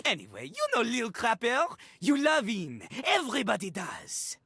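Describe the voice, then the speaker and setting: A man's voice: very high-pitched, huge pitch swings, normal speed, gravelly, sharp tone, breathy edge, no room sound, clean studio sound, exaggerated voice. An actor playing a cocky French rapper toilet man who raps his lines in rhyme over a hip hop beat. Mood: smug. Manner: rapping in rhyme, showy.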